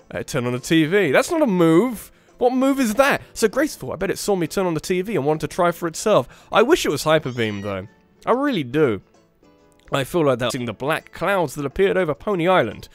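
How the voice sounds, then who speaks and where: Man, a gamer commenting as he plays: lively, fairly high voice, faint game music behind. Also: moderate pace. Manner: excitable, thinks aloud, often restarts sentences. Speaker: let's play gamer. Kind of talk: casual gameplay commentary.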